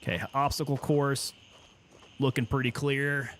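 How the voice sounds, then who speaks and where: A man's voice: medium pitch, little pitch movement, measured pace, a bit bright, a little hiss or hum. A man streaming a game, chatting and joking in casual commentary. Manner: chatty, joking, self-amused.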